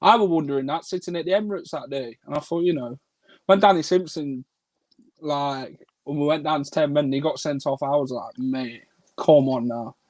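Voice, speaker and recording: A man's voice: fairly high pitch, fairly quick, no echo, low-quality recording. A man co-hosting a live football watchalong who passionately urges the team on and tells match stories. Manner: passionate, urging, storytelling. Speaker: co-host football fan. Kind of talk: casual live watchalong chat.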